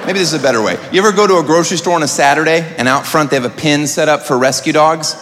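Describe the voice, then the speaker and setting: A man's voice: on the high side, rapid-fire, hardly any pauses. Wry male stand-up in a reverberant room. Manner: wry, indignant. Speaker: stand-up comedian. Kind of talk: stand-up comedy set. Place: comedy club stage. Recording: reverberant live room with noise.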